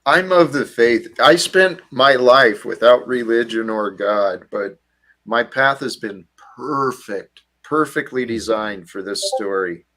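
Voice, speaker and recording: A man's voice: medium pitch, slow, sharp tone. A man hosting a panel stream, talking earnestly about his faith and reflecting on his life. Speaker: host. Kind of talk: casual faith talk.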